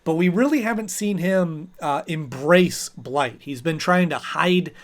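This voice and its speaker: A man's voice: on the high side, a little slow. A man hosting his channel, chatting casually in a rambling way with lots of fillers. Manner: chatty, rambling with fillers, briefly acting out characters. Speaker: host and episode reviewer. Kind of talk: casual chat review.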